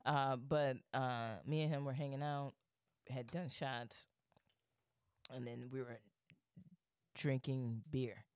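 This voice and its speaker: A man's voice: medium pitch, steady tone, takes it slowly, pauses often, clean tone, no echo, studio quality. A young man co-hosting a podcast, telling a story animatedly, swearing freely and acting out what people said. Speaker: podcast co-host. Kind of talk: casual storytelling chat.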